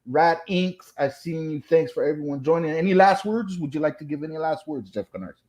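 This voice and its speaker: A man's voice: a little high, lively intonation, fairly quick, a little mellow. A man hosting a live online show, laid-back and chatty, agreeing often as he talks with his guest and reads out viewers' comments. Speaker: host. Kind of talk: live stream chat.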